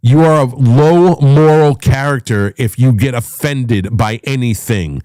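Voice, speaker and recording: A middle-aged man hosting a talk show, ranting with loud, profane, emphatic delivery and a voice that swings up and down. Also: mid-range voice, measured pace, hardly any pauses, dry recording, clean studio sound. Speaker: podcast host.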